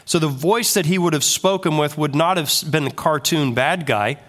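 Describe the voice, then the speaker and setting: Animated male pastor preaching. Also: a little high, moderate pace. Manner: animated, full of rhetorical questions. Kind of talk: sermon.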